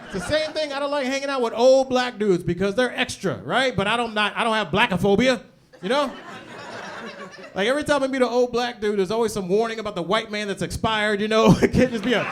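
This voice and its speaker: A man's voice: sits high, a little fast, fairly bright tone. A man in his forties performing live stand-up in a comedy club, chatting with the crowd and checking for agreement. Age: 40s. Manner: conversational, asks the crowd for agreement. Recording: live club with audience laughter.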